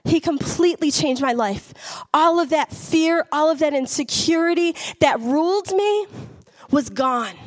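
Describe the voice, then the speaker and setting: A middle-aged woman telling an earnest, emotional personal testimony, often laughing as she talks. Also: high voice. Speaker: church member giving testimony.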